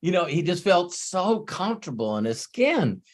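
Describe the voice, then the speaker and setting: A man's voice: high voice, very animated, normal speed. Stammering, emotional male coach. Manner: stammering, repeats words, emotional, swears casually. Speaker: host, sales coach. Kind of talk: casual live Q&A storytelling.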